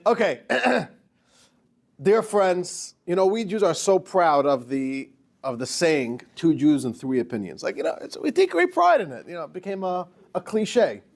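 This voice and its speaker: Joking rabbi with a raised voice. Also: male voice, sits high, big pitch swings, unhurried, creaky. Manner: jokey, addresses listeners as dear friends. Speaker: rabbi teaching a class. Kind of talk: lecture with jokes.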